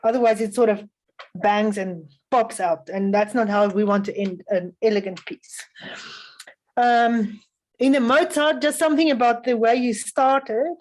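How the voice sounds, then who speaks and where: Woman, slightly high voice; patient adjudicator giving considered feedback, plenty of fillers. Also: darkish tone, poor audio. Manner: measured, instructive, frequent um fillers. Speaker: music festival adjudicator. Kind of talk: spoken feedback to young violinists.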